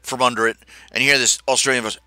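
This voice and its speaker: Bright-voiced rambling male streamer. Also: mid-range voice, very fast, dry recording. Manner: chatty, self-interrupting, animated anecdotes with restarts. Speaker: livestream host. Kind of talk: rambling casual storytelling.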